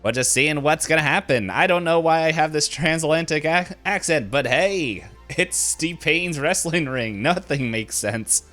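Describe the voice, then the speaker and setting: A man's voice: on the high side, animated, measured pace, few pauses, sharp tone, faint music behind, voice pushed up. A man voicing a cheery male wrestling announcer with a transatlantic accent and formal showman patter. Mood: chatty.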